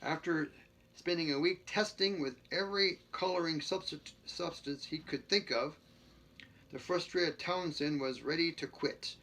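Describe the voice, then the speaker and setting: A man's voice: on the high side, measured pace, bright, forceful tone. A man reading a book aloud, stumbling and restarting and dropping jokey asides between passages. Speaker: reader.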